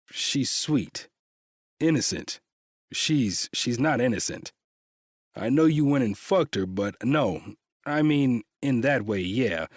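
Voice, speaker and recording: A man's voice: mid-range voice, no room sound, clean studio sound. A man voicing a blunt, protective adult man who taunts and swears in a curt way, read as an audiobook character.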